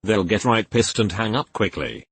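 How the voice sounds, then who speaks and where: Husky low-voiced man reading posts aloud. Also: lively intonation, moderate pace. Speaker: narrator reading Reddit posts.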